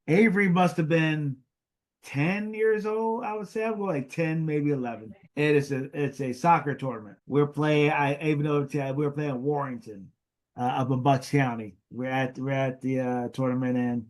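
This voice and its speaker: Middle-aged guy hosting a podcast, kinda high voice, chatty, lots of ums. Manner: animated storyteller, many fillers. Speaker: podcast host. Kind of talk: casual storytelling chat.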